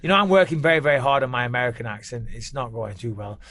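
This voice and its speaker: A man's voice: mid-range voice, lively intonation, a bit bright. An English man hosting a podcast, chatting casually with jokes and teasing asides. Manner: joking, teasing, quick asides. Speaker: podcast host.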